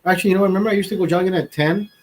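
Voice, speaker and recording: Rambling, profane man with a higher voice. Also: very fast, rough recording. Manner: rambling, profane, animated storytelling. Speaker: livestream host. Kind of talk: casual late-night livestream chat.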